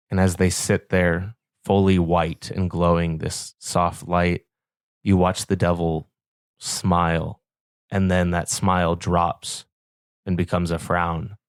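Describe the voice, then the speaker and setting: Deep, slow-talking male game master. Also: no room sound, clean studio sound. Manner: slow, descriptive scene-setting. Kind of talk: narrating a tabletop game.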